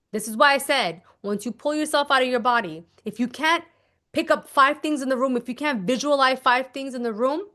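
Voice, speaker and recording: A woman manifestation coach talking through her method in a casual teaching monologue. She is emphatic, repeats her instructions and keeps checking in with "okay?". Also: fairly high pitch. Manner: animated, acts out little scenes.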